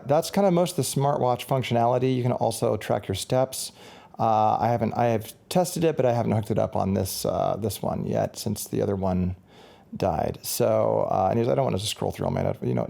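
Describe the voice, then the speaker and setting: A man with a gravelly, fry-edged voice talks through a casual gear review. His tone is mellow and relaxed, and he rambles along, correcting himself as he goes. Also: mid-range voice. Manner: rambling, chatty, self-correcting.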